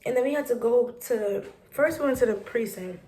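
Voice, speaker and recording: Animated young New woman storyteller. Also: a little high, a little fast, slight background noise. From New York City. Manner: animated, rambling retelling with quoted dialogue. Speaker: vlogger. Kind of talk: casual storytime.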